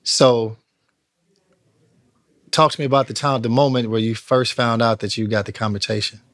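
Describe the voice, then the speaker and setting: A man's voice: medium pitch, steady tone, moderate pace, fairly bright tone. A man interviewing a guest casually, explaining terms in a hesitant, searching way.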